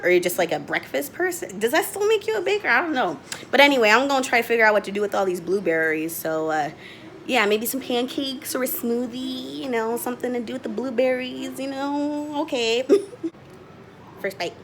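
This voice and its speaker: A young woman chats excitedly as she bakes in her home kitchen, laughing often. Her voice sits a little high. It swings widely up and down, and a faint hiss sits behind it. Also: a little fast. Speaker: vlogger. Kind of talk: casual home baking vlog.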